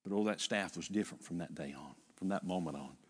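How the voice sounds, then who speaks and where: An older man preaching a sermon as pastor, retelling a story with lively repetition. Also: deep voice, fast, husky, long reverb tail. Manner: animated storytelling with repeated phrases. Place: church.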